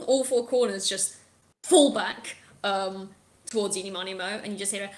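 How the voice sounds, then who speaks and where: A woman's voice: mid-range voice, fairly even intonation, brisk, echoey room. A woman narrating a tabletop game as game master, playful and dramatic with sound effects.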